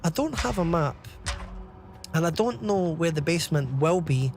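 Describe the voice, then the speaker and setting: A man's voice: fairly high pitch, animated, moderate pace, faint music behind. A man chatting casually on a game live stream, rambling and laughing often.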